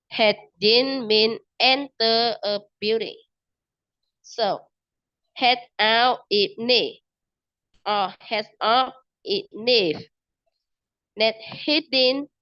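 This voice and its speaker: A woman talking through an English lesson, halting and repeating example phrases slowly to herself. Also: a little high, muffled recording. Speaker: English learner explaining a podcast. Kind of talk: self-made English lesson.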